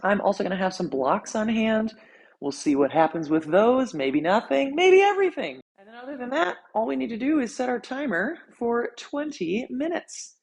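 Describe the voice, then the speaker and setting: A woman fitness instructor talking a follow-along workout while she exercises, counting reps, out of breath, relaxed and encouraging. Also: on the high side, normal speed, vocal fry, slightly rough.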